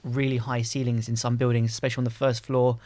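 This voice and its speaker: A man's voice: medium pitch, level tone, fast, warm tone, dry recording. A man co-hosting a casual podcast chat as a real estate advisor, rambling and laughing at himself, close to the mic in a small room. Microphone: close studio mic.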